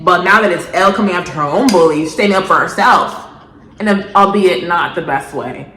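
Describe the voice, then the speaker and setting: A woman's voice: on the low side, moderate pace. Sarcastic woman ranting in an echoey room. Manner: animated, sarcastic, exasperated. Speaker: video essayist. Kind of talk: ranting commentary vlog.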